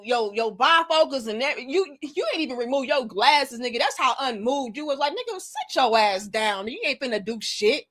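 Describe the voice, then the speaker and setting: Woman host, slightly high voice, salty sarcastic rant. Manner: profane, sarcastic, animated with exaggerated mock apologies. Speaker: commentary channel host. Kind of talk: casual commentary rant.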